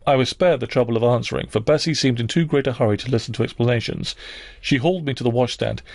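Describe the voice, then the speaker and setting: A man narrating a classic novel as an audiobook reader, measured and even. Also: medium pitch, no echo, clean studio sound.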